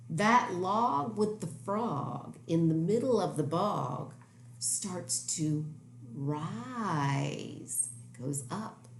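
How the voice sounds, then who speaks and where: A woman reading a picture book aloud to children, animated and exclaiming as she points out the pictures. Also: sits low, vocal fry. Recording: echoey room with faint noise.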